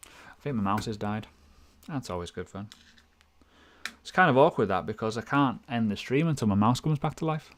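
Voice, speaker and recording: A man's voice: fairly low pitch, brisk. A man hosting a crypto livestream, chatting casually with a jokey, self-deprecating manner and slangy asides. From United Kingdom. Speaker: crypto analysis livestream host.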